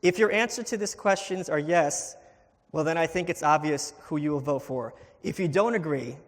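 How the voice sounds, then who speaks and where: A man making his case at a live debate, combative with a sardonic edge. His voice sits slightly high. A long hall reverb trails every phrase. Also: moderate pace. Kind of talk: live debate closing statement. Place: event hall before an audience.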